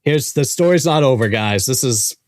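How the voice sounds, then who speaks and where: A man hosting a podcast and telling a long story in an animated, profane, casual way. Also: mid-range voice, moderate pace, no room sound. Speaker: podcast host. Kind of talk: casual chat.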